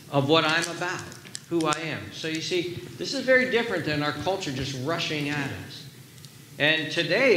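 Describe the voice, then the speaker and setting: A male pastor delivers an emphatic sermon in a sanctuary, his voice sitting a little high for a man. His tone is bright and forceful, and he presses his points by repeating them. The room adds a noticeable echo, with a faint ambient hum behind him. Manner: earnest, emphatic preaching with repeated phrases. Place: church sanctuary.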